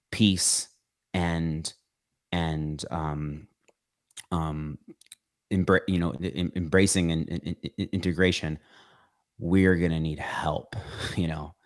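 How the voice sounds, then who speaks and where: A young man in casual conversation, talking haltingly with many restarts and repeated words, earnest and at times emotionally heated. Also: low voice, no echo, studio quality. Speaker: podcast guest.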